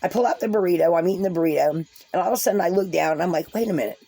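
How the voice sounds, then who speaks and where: A woman vlogger spins a casual story for her viewers in a lowish, mellow voice. Her talk is folksy and rambling, full of restarts and asides. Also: very fast, vocal fry.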